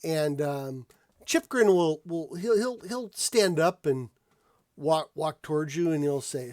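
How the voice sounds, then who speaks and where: A man running a tabletop game as game master, talking haltingly and repeating words. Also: on the high side, lively intonation, a little mellow, dry recording, studio quality. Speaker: dungeon master. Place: home setup, online stream.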